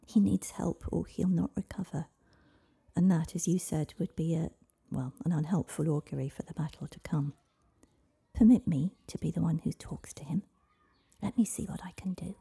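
A woman voicing an earnest, brave young woman who speaks softly and often in a whisper, in a husky storybook reading. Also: deep voice, normal speed, full character voice. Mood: pleading.

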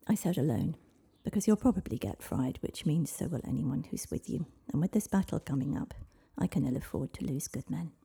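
A woman voicing a brusque, scoffing medieval king, in a husky storybook reading. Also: low voice, animated, brisk, hardly any pauses, warm tone, full character voice. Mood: stern. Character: gruff, blustering medieval king, a man.

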